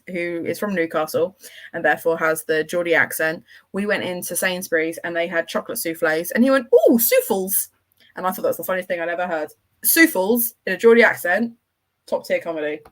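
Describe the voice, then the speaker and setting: A woman with a lowish voice, hosting a casual livestream from home. She rambles from thought to thought and talks with her viewers in a chatty, enthusiastic way. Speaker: livestream host.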